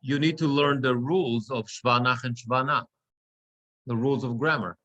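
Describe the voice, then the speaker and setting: A male cantor teaching a class how to read the Torah, explaining the marks and then chanting verses in drawn-out cantillation. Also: mid-range voice, steady tone, pushed and bright. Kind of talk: class instruction with chanted examples. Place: synagogue classroom.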